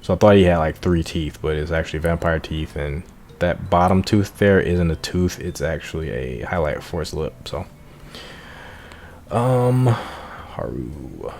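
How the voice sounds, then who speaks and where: Male let's play host, low dark voice, relaxed chatty commentary. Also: normal speed, a little hiss or hum. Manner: relaxed, chatty, many fillers. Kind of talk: casual gameplay commentary.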